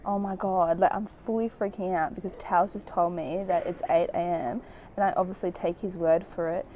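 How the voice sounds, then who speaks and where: A woman's voice: fairly low pitch, steady tone, normal speed, warm tone, a little hiss or hum, poor audio. A young woman from Australia chatting through a casual travel vlog, telling stories with lots of "like" fillers. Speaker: travel vlogger.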